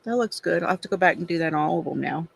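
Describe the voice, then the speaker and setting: A woman's voice: lowish voice, expressive, racing, creaky, slightly rough. A middle-aged woman hosting a craft livestream, chatting casually and confidingly while she colors, with frequent sighs. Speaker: craft channel host.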